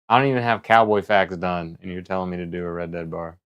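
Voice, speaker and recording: A man's voice: deep voice, fairly even intonation, brisk, muffled recording. A man streaming live who rambles casually and thinks aloud as he talks. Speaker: livestreamer.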